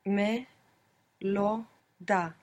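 A woman's voice: mid-range voice, steady tone, drawn-out words, a little mellow. A woman answering as the student in an audio language lesson, careful and thinking aloud.

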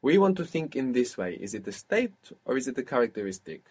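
Patient husky male language teacher. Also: mid-range voice, sing-song, brisk, a little mellow. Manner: patient, explains step by step and quizzes the learner. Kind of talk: audio language lesson.

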